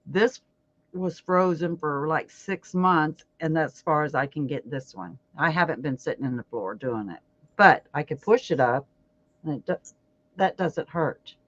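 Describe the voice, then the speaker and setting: A woman with a deep voice and lively intonation chats casually and outspokenly while crocheting on her livestream, laughing often. She talks a little slowly, and the audio is dull and lo-fi with no room sound.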